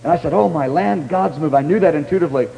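A man's voice: a little high, fast, vocal fry, mellow, long reverb tail, a little hiss or hum, rough recording. A man preaching in a storytelling style, rambling through anecdotes with restarts and acting out what others said. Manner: rambling anecdotes with many restarts and acted-out quotes. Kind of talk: storytelling sermon.

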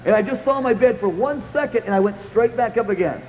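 A man with a high voice preaches, recounting his experience with animated, repetitive storytelling. His voice rings with a long hall reverb, and faint ambience sits behind him. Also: fast, a little hiss or hum. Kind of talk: sermon testimony.

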